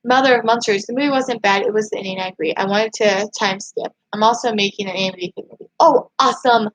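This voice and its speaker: A woman hosting a casual livestream, chatting and reading viewer comments aloud. She rambles excitably, restarting her sentences often. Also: mid-range voice, fast talker, poor audio. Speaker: YouTube channel host.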